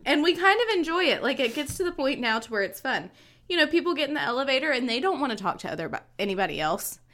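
A woman's voice: high voice, quick pace. A woman co-hosting a podcast, chatting casually and acting out her own thoughts as she tells stories. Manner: animated storyteller, acts out her own thoughts. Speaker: podcast co-host. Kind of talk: casual chat.

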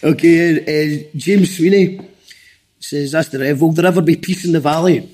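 Husky Scottish host, halting. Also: male voice, fairly high pitch, fairly even intonation, a little mellow. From Scotland. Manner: halting, repeats words as he starts sentences. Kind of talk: casual interview chat.

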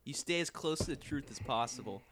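A young man telling a story among friends in a casual, animated way, laughing and swearing. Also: mid-range voice, fairly quick, a little hiss or hum.

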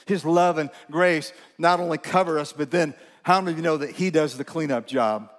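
A man's voice: fairly high pitch, brisk. A male pastor preaching a sermon in a church, talking conversationally with questions to the congregation and self-mocking humor. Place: church sanctuary. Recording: long reverb of a large church hall.

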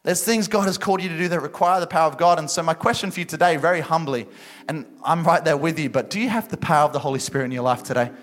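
A young man preaching a passionate sermon at a church service, building to loud exhortation. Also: fairly high pitch, rapid-fire. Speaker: pastor.

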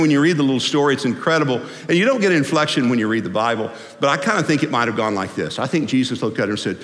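A man preaching a sermon as pastor, folksy and animated, swinging from loud to hushed. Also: mid-range voice, quick pace, hardly any pauses, slight background noise. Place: church sanctuary. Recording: long hall reverb.

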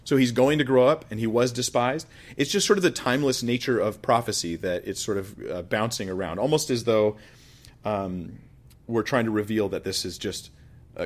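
A male pastor teaching a Bible sermon in a conversational way, with joking asides, swinging from loud emphasis down to quiet remarks. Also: on the low side, moderate pace.

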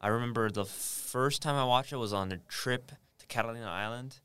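A young man chatting as a podcast guest, slangy and relaxed, telling stories. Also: mid-range voice, a little fast, clean tone, no room sound. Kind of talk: casual chat.

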